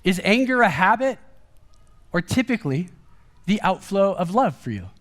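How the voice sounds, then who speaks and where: A man preaching a sermon in a casual, conversational way, animated and acting out quoted lines. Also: sits high, moderate pace. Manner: casual and chatty, peppered with "like" and "kind of"; animated, acts out quoted speech with a raised voice. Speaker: guest preacher. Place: church service.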